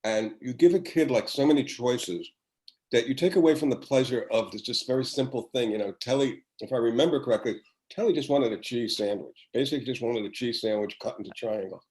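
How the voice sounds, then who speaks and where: A man's voice: medium pitch, brisk, rough recording. Older man telling stories rambly. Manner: rambling, warm storytelling with restarts. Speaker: podcast guest, former children's TV writer. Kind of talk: casual chat.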